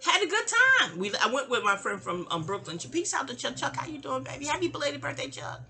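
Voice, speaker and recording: A woman's voice: high voice, quick pace, sharp tone. A woman, telling a personal story in a casual, rambling audio-diary style, stammering and restarting and acting out quoted lines.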